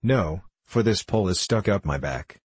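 Husky, low-voiced gentle scarecrow of straw, read by a male narrator; dry, close sound. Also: animated, normal speed, no echo. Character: friendly gentle brainless straw scarecrow man. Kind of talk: audiobook character voice.

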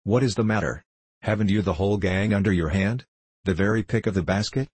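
A man's voice: lowish voice, brisk, a little mellow, breathy edge, no room sound. A man reading a mocking, guttural foreign diplomat. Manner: mocking, condescending. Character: scheming, contemptuous male foreign diplomat. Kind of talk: audiobook character reading.

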